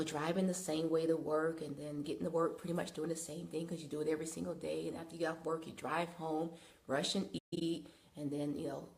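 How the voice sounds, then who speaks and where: A woman hosting a live wellness talk and guiding yoga, coaching calmly and rambling loosely with many fillers, on a phone mic. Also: deep voice, creaky, slight background noise. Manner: calm, coaching guidance. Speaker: wellness host and yoga guide. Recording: echoey room.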